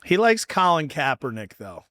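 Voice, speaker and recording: A man hosting a podcast in casual chat, talking bluntly with lots of swearing and quick bursts of speech. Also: on the high side, sing-song, bright, forceful tone, no room sound, studio quality. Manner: blunt and profane, fast bursts. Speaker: podcast host.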